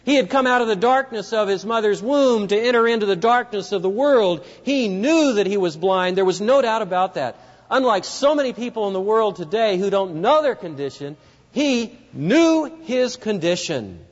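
A man's voice: high voice, expressive, moderate pace. A man preaching a sermon, telling a story vividly and speaking directly to his listeners. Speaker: pastor. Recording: dull lo-fi recording with long hall reverb.

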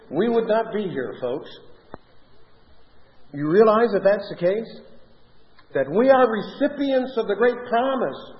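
A man preaching a sermon with emphatic stresses that fall away into soft drops. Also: high voice. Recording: echoey hall, dull lo-fi sound.

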